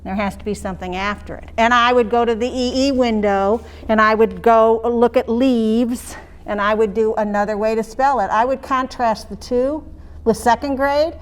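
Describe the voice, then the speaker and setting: A teacher trainer talks to teachers at a normal speed, her voice fairly high and her tone steady. She explains how she would mark phonics skills during a lesson, chatting with them and checking in along the way.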